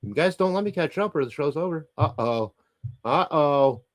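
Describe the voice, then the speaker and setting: Animated, ranting male livestream host. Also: fairly high pitch, moderate pace. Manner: chatty, ranting, laughs often, profane. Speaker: livestream host reading chat comments. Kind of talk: casual livestream chat.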